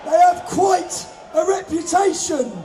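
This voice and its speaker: A man bellows a fiery speech from an outdoor rally stage in a high, strained register. He delivers his lines slowly and emphatically, with a crowd faint behind him. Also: warm tone, raised voice, distant mic, slight background noise. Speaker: rally speaker.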